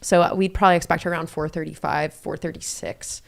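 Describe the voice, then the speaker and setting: Low-voiced woman giving casual race commentary. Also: steady tone, quick pace, creaky. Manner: chatty, many fillers, reads off splits.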